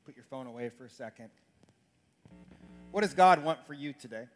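A man's voice: mid-range voice, animated, moderate pace, soft background music. A man preaching a sermon as pastor, earnest and building to urgent questions.

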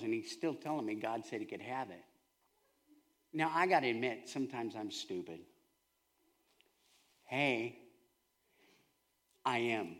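A man preaching a sermon, telling a humorous family story in a lively, conversational way. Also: medium pitch. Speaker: pastor.

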